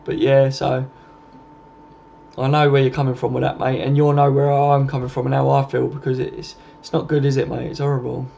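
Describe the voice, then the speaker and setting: Southern english guy rambling on a live stream, gravelly flat voice, calls everyone mate. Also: medium pitch, a little fast, muffled recording, a little hiss or hum. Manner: rambling and matey, keeps adding "and that" and "mate". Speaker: live-stream channel host. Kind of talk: casual live-stream chat reading comments.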